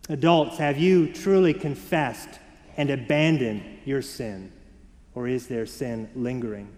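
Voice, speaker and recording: A man preaching a Sunday sermon as pastor, shifting between soft, slow emphasis and lively storytelling for the children. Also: medium pitch. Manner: varied and expressive, dropping soft for emphasis, rising for children. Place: church sanctuary. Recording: church hall reverb.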